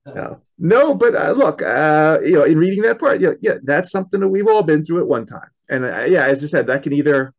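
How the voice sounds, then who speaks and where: A male podcast host with a fairly high voice that rises and falls a lot. He fills his long questions with "uh" and "you know," and his audio sounds muffled and lo-fi. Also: expressive, a little fast, creaky, few pauses. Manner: rambling questions full of fillers. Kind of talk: casual interview. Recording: dull, lo-fi remote audio.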